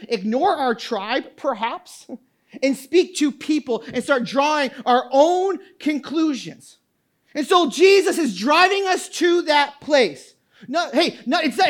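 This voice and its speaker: High-voiced woman preaching a sermon. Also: expressive, unhurried. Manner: emphatic, questioning, with quoted asides. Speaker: pastor.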